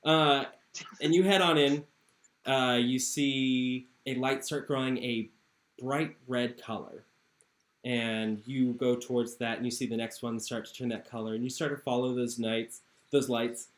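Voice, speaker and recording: A man's voice: mid-range voice, steady tone, a little slow, roomy sound. A man narrating a tabletop game as game master in an easygoing way, on an online call. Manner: easygoing, many fillers.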